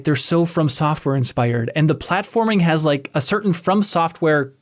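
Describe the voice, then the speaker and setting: A man with a somewhat light voice hosts a casual podcast chat. He tells his stories in an upbeat, animated way. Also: fairly high pitch, moderate pace.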